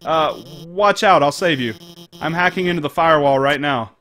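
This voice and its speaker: A man voicing a nervous female lizard scientist in a video game, talking in a hurried, eager way. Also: on the high side, sharp tone.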